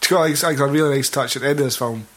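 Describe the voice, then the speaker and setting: A man's voice: mid-range voice, rapid-fire, slight background noise. A young Scottish man talking casually and swearing about a film. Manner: sweary, relaxed banter.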